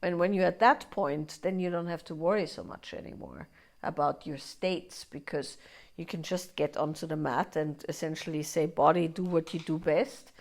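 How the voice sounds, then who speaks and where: This woman's low-pitched voice carries noticeable vocal fry as she teaches a live workshop at a moderate pace. She talks conversationally, asking "right?" frequently and acting out inner voices as quoted asides.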